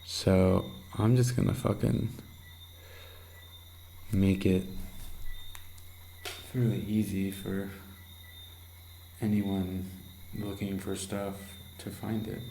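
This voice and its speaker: Young male vlogger, low gravelly voice with a flat, dark tone, rambling and intense, faint hiss under him. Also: extremely slow, long pauses, rough recording. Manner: rambling, intense, swears a lot, drops to hushed half-whispers. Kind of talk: candid late-night video diary.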